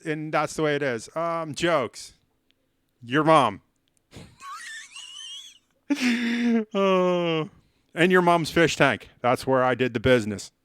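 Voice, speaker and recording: A man's voice: a little high, fairly bright tone, clear, resonant tone. A man chatting on a live stream while playing chess, rambling and self-mocking and cracking silly jokes. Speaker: livestreamer.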